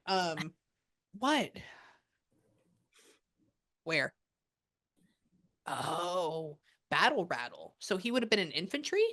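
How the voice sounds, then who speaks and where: A woman with a fairly low voice gives a spirit reading in a loose, chatty way. She rambles, quotes the spirits back, and piles on fillers as she goes. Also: big pitch swings, slow pace, pauses often, fairly bright tone. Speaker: psychic medium. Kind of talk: casual spirit reading session.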